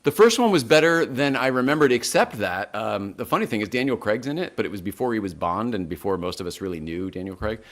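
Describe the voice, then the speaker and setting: Podcast co-host, male, lively pitch, casual and profane. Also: fast talker, few pauses. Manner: animated, swears, breaks into loud mocking impressions. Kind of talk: casual movie chat.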